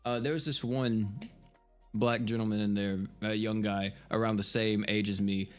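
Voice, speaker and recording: A man's voice: fairly low pitch, fairly even intonation, normal speed, clean tone, faint music behind. An American man in his twenties, a game streamer telling a story in casual chat, exasperated, swearing freely and laughing as he goes. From United States. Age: 20s.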